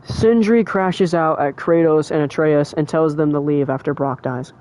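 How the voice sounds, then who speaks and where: Excitable young adult streamer, chatty. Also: medium pitch, moderate pace, a little hiss or hum. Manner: emotional and excitable, heavy on fillers like "like" and "bro". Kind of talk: casual livestream chat.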